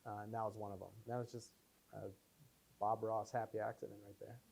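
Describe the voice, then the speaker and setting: Low-ish, level, and a little fast, his voice is creaky, darkish, and slightly rough. The filmmaker spins rambling behind-the-scenes anecdotes with many fillers and acted-out quotes while taking audience questions at a casual post-screening Q&A in a screening room.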